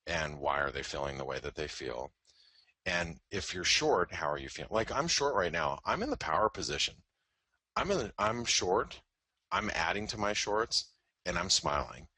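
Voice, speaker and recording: A man's voice: low-pitched, animated, normal speed, pushed and bright, no echo. A man hosting a live trading show, giving candid, joking market commentary full of "you know" asides. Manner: candid, joking, self-deprecating, many "you know" fillers. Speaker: host and trading educator.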